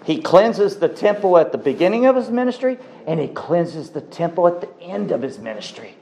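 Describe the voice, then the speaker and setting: A man's voice: sits high, animated, normal speed, gravelly, mellow, slight background noise, poor audio. Emphatic male preacher. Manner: emphatic, repeats words for stress. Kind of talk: sermon.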